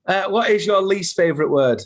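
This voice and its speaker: A man's voice: sits high, fairly quick. A man hosting a podcast, chatting casually with plenty of fillers and restarts. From Lancashire, England. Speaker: podcast host. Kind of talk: casual chat.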